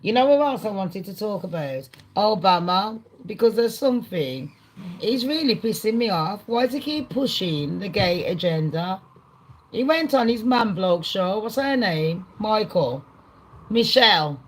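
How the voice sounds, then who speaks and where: A woman hosting a livestream, ranting casually to her chat in an excitable, rambling way, swearing a lot. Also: mid-range voice, measured pace, poor audio. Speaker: livestream host. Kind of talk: casual rant to a live chat.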